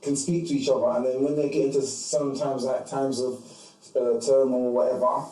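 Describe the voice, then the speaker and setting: A man hosting a podcast in casual chat, with halting restarts and murmured agreement. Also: mid-range voice, level tone, mellow, recorded from a distance. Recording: echoey room, from off mic.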